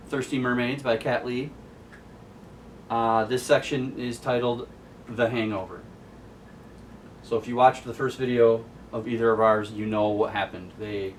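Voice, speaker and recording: A man hosting a casual comic book recap, telling the story in a chatty, amused way. His voice is of middle pitch and sits a little back from the mic. Faint noise hangs under the recording. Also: distant mic. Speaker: host.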